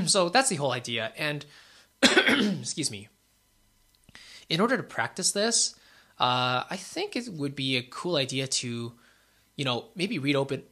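A young man with a bright, forward tone talks through speaking tips in a loose, conversational way. He leans on fillers and keeps checking in with "right?", sounding easygoing rather than polished. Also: medium pitch. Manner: relaxed, filler-heavy, frequent "right?". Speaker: YouTuber giving speaking tips. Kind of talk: casual talking-head advice.

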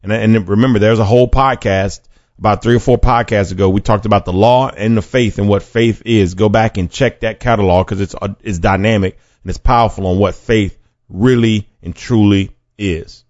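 A man's voice: lowish voice, fairly even intonation, normal speed, darkish tone, no echo. A man preaching a podcast sermon in an earnest, conversational way, often restarting his sentences. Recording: dry, dull lo-fi sound.

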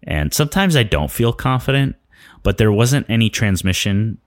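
Male vlogger, deep voice, dry sound, chatty and rambling, restarts often. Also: moderate pace, no echo. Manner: rambling and excitable, with many restarts and fillers. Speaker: vlogger and filmmaking teacher. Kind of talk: casual travel vlog storytelling.

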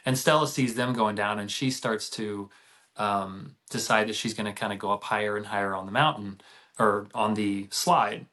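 A man's voice: lowish voice, moderate pace, fairly bright tone. A middle-aged man, a podcast guest, telling a family story in a casual, rambling way with many restarts.

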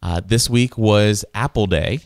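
Easygoing male podcast co-host with a clear, resonant voice, recorded dry. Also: fairly low pitch, unhurried, dry recording. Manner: easygoing, short agreeing replies. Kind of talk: casual chat.

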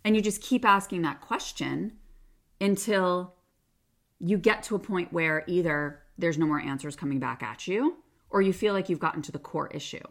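A woman's voice: fairly low pitch, normal speed. A woman hosting a self-help podcast, talking in a casual coaching way and often saying "like". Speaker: podcast host.

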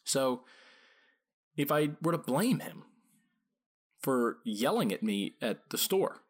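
A man's voice: medium pitch, very animated. A man hosting a podcast about dog training, talking casually and asking his listeners rhetorical questions. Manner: conversational, asks rhetorical questions, acts out quick quoted lines.

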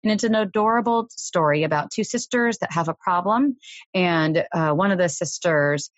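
A woman hosting a parenting podcast, explaining advice in a calm, measured way. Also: on the low side, dry recording, highs cut off. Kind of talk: advice talk.

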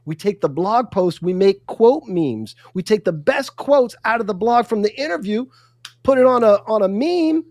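A man's voice: sits high, animated, moderate pace, a little mellow, no echo, studio quality. A man guesting on a livestream interview, talking in a fired-up, emphatic way and acting out little quotes. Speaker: guest, content consultant.

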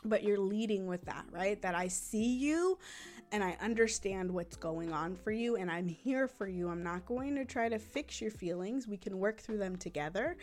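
A woman hosting a parenting podcast. She talks casually and earnestly, often checks in with a quick "right?", and sounds reassuring. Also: medium pitch, darkish tone. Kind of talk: casual teaching talk.

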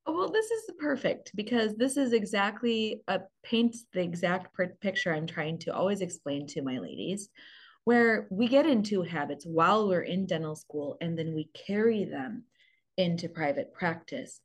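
A woman's voice: lowish voice, lively intonation, normal speed. A woman hosting a podcast chat, a dentist and life coach who explains her points earnestly. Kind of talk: casual podcast conversation.

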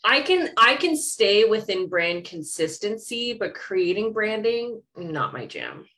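A woman co-hosting a business coaching livestream over a video call, talking in a relaxed, conversational way. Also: medium pitch, a little slow. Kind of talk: casual livestream chat.

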